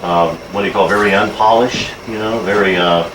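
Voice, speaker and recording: Low-voiced man musing in casual talk. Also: fairly even intonation, a little fast. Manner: searching for words with fillers. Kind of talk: casual chat among friends. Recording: echoey room, distant mic, loud background noise.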